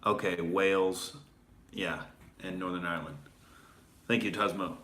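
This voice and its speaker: A man's voice: low-pitched, fairly even intonation, measured pace, a bit bright. A male comedian hosting a casual commentary show, rambling with fillers and restarts in a sarcastic tone. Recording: echoey room.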